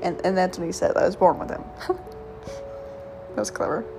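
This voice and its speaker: A woman's voice: lowish voice, normal speed. Woman, casual podcast host, reads jokes, giggly, trips over punchlines, faint music underneath. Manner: giggly, stumbles over punchlines, self-commenting. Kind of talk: casual solo podcast, reading jokes aloud.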